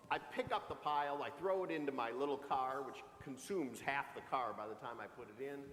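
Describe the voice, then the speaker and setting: A man in his sixties, a pastor giving a homily with animated, humorous storytelling in a church sanctuary. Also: medium pitch, a little hiss or hum. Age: 60s. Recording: echoey church with long reverb.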